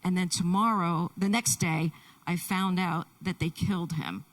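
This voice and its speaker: A woman interpreter voicing a Deaf man's testimony in the first person, halting, with many restarts, in a church. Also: lowish voice, steady tone, far from the mic, low-quality recording. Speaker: sign language interpreter.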